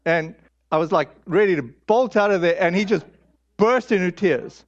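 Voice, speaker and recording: Telling stories from the pulpit, a high-voiced preacher speaks candidly and pokes fun at himself, stumbling through fillers and false starts. The audio is muffled and lo-fi, resembling an old sermon tape.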